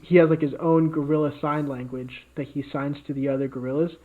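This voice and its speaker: A man's voice: a little high, fairly even intonation, a little fast. Man rambling over tinny audio. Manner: rambling, many fillers and restarts. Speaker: podcast co-host. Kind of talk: casual chat, improvised story.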